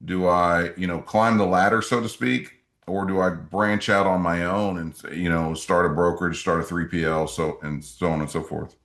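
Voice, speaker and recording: A man co-hosting a podcast, asking drawn-out questions in a relaxed, conversational way. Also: deep voice, reverberant. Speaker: podcast co-host. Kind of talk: casual interview chat.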